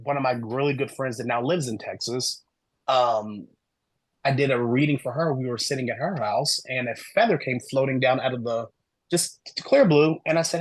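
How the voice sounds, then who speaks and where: A man guest on a podcast interview, telling his story in an animated way and acting out the dialogue he quotes. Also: mid-range voice, normal speed, no room sound, rough recording. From American Midwest. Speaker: guest, human design reader.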